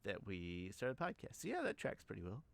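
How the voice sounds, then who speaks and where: A man's voice: fairly low pitch, wildly swooping pitch, fairly quick, gravelly. A man co-hosting a podcast in a loose, rambling way, often restarting and correcting himself. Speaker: podcast co-host. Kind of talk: casual chat.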